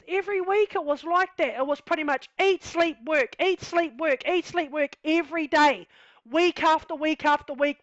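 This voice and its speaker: A woman with a New Zealand accent tells her own story in a high, candid voice, leaning on "you know" and "like". The sound is dry and close, a little dull and lo-fi. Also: a bit bright, no room sound. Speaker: vlogger telling her life story. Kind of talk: casual personal storytelling.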